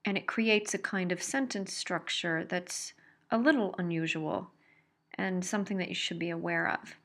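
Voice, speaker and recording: A woman's voice: on the low side, normal speed, fairly bright tone. A woman teaching a college grammar lesson, explaining carefully and stressing example sentences. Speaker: college English instructor. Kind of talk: recorded grammar lecture.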